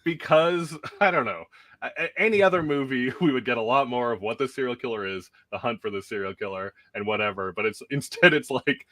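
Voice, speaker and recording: Laughing, rambling man, bright tone. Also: medium pitch, fairly quick, dry recording. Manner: rambling, laughs often while talking. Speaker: podcast host. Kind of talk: casual chat about a film.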